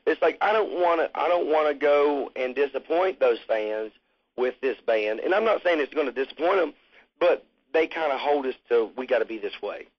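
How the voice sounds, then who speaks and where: A musician interviewed about his band speaks in a husky mid-range voice at normal speed, rambling in a relaxed way and swearing casually. The recording is muffled and lo-fi.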